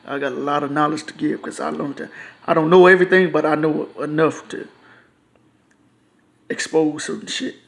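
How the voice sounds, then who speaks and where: A man's voice: on the high side, little pitch movement, normal speed, vocal fry, pauses often. A man, ranting casually and profanely to his own video channel, frustrated and repetitive. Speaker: YouTuber.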